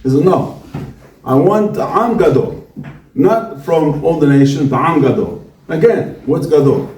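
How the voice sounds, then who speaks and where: A man's voice: fairly high pitch, unhurried, far from the mic. A man, a visiting rabbi, giving a Torah talk to students, asking questions and answering them himself. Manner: animated, asks and answers his own questions. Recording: echoey room, speaker away from mic.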